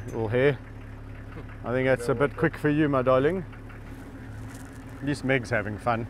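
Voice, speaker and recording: A middle-aged man who keeps a wildlife sanctuary talks to animals outdoors in the bush, laughing affectionately as he coaxes and teases them for a handheld camera. His pitch is medium and his speed normal, and the background is noisy.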